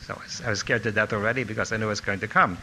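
An older man telling animated stories about a teacher from his student days. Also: lowish voice, racing, slight background noise, poor audio. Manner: animated storytelling, acting out quotes. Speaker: speaker recalling a teacher. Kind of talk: anecdotal reminiscence.

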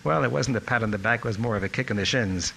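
A man's voice: on the low side, fast, creaky, a little hiss or hum, poor audio. An older man telling anecdotes about his former teacher in a reminiscing speech. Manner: storytelling, animated when quoting others. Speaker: former student giving a tribute talk.

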